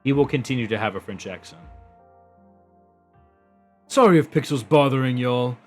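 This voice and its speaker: Husky-voiced man streaming a game. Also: medium pitch, normal speed, soft background music. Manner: chatty, self-mocking asides to chat. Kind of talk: casual gaming livestream chat.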